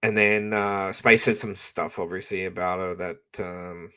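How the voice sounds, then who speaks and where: A man's voice: sits low, fairly even intonation, measured pace, pushed and bright, clean tone. Blunt, swearing Australian man ranting. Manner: blunt and profane, rambling with restarts. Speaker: streamer talking to his audience. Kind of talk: casual live-stream rant.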